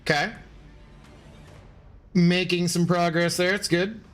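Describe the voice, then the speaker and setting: A man's voice: sits high, steady tone, slow, fairly bright tone. A man casually chatting with his viewers while streaming a game, reading out chat messages and bantering sarcastically. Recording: faint background music.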